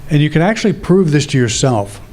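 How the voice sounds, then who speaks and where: Calm reflective male preacher. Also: on the high side, a little fast. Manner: calm, reflective, thinking aloud with restarts. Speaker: minister. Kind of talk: sermon.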